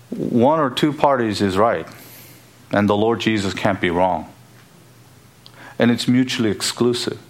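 A man delivers a sermon in a low-pitched voice. He speaks deliberately and emphatically, circling back to repeat phrases for weight. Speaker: preacher.

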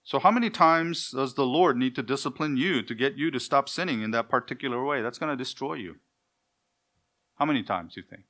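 A man's voice: mid-range voice, lively intonation, a little fast, pushed and bright. A man preaching a sermon as pastor, emphatic, posing rhetorical questions and answering them himself. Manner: acts out dialogues between parent and child.

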